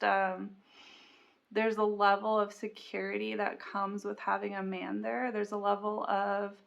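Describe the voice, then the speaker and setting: A woman's voice: mid-range voice, gravelly, fairly bright tone, muffled recording. A young woman vlogger sharing an earnest, confessional faith reflection to camera. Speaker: Christian vlogger.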